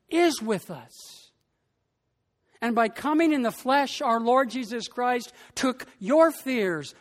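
A pastor preaching a sermon with a slow, deliberate delivery, rising in emphasis on key phrases. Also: mid-range voice, big-room sound.

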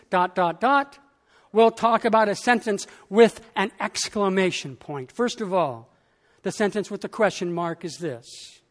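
Slow, high-voiced preaching pastor. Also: male voice, fairly bright tone, long reverb tail. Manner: slow, emphatic preaching with dramatic pauses. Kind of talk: sermon.

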